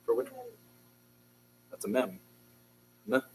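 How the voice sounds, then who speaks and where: A man's voice: slow, warm tone, a little hiss or hum, poor audio. A man teaching a beginners' Hebrew class, patiently drilling syllables and encouraging his students. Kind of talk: classroom language lesson.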